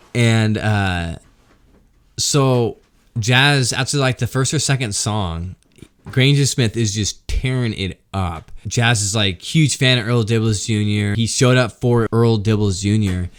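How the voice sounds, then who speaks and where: A man with a drawl spins a chaotic road-trip tale in a relaxed, conversational way. His voice sits on the low side, and he breaks into laughter again and again, with plenty of casual swearing. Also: measured pace. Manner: animated, laughs often, swears and says "freaking". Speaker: vlogger telling a story. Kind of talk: casual storytelling.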